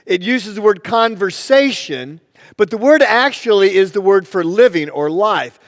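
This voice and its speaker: A man preaching from the pulpit with a notably high voice. His sermon rings through a church sanctuary with a long reverb tail, and he moves easily into storytelling, acting out the people in his stories. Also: animated, unhurried. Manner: storytelling, plays the joke with voices. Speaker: pastor.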